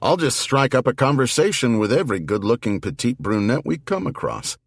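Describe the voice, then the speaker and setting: A man voicing a dry, quick-witted female army investigator in an audiobook, with a wry, matter-of-fact delivery. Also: mid-range voice, very animated, breathy edge, no room sound, pitched above the performer's own voice.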